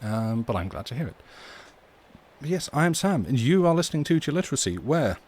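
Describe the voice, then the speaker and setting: A man from the UK, hosting a livestream from home in a soft, rambling, chatty way and reading poetry aloud. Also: medium pitch, very animated, fairly quick, slightly rough. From United Kingdom. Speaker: livestream host. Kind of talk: casual livestream chat and poem reading. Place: home room.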